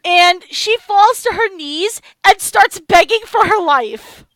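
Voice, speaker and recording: A woman narrating a tabletop game as game master, excited and halting as she speaks. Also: extremely high pitch, no room sound.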